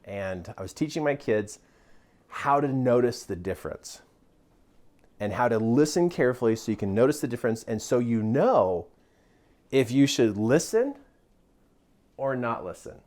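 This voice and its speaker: A man giving a motivational talk as a self-help mentor, drawing as he speaks, animated and laughing often. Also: medium pitch, normal speed, long pauses.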